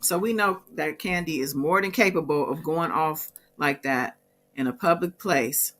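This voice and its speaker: Sassy chatty woman with a bright voice. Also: low voice, moderate pace. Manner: sassy, chatty, laughs often. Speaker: host of a celebrity gossip channel. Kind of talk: casual reaction commentary.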